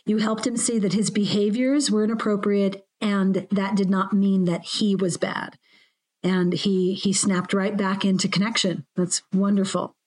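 A woman's voice: medium pitch, little pitch movement, a little slow, a little mellow. A woman speaking as a guest coach who explains her ideas in a reflective, earnest way during a casual podcast chat.

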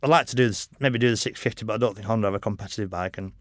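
A man's voice: lowish voice, very fast, no echo, clean studio sound. A middle-aged man, a motorcycle racer, telling long frank anecdotes in a casual podcast interview, peppered with "you know".

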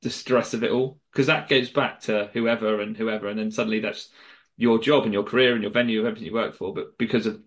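A man co-hosting a casual chat, talking sympathetically in halting, restarting sentences. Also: on the low side, fairly even intonation. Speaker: co-host.

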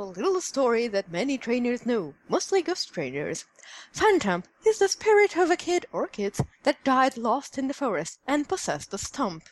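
Giggly woman with a lively voice. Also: on the high side. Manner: giggly, laughs often. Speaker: podcast co-host reading a listener email. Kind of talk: casual podcast chat, reading aloud.

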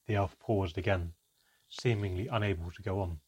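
A man reads a fantasy story aloud in steady first-person narration. His voice sits low and carries a husky grain. The delivery is calm and even throughout. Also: normal speed, lo-fi sound. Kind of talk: storybook reading.

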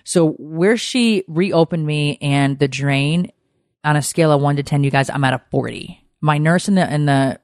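A woman hosting a podcast, telling a personal story in a candid, animated way and swearing freely. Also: low voice, moderate pace, no room sound, clean studio sound. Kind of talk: casual storytelling chat.

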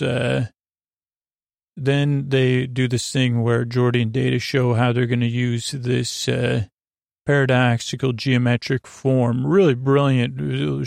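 A man's voice: mid-range voice, vocal fry, a little mellow, no echo, clean studio sound. A man hosting a sleep podcast, retelling a story in a meandering, casual way full of fillers and asides. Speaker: podcast host.

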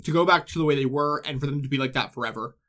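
A man hosting a casual podcast, walking friends through a game's story in a quick, loose retelling. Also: medium pitch, fairly bright tone. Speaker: host. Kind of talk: casual chat, recapping a game story.

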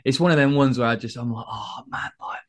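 Man, podcast guest, medium pitch, opinionated, jokey banter. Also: fast talker. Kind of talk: casual podcast chat.

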